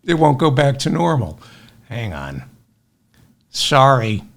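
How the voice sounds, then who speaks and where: A man's voice: medium pitch, sing-song, takes it slowly, gravelly. A man hosting a comedic news podcast, ranting with sarcastic, self-deprecating asides. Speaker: podcast host.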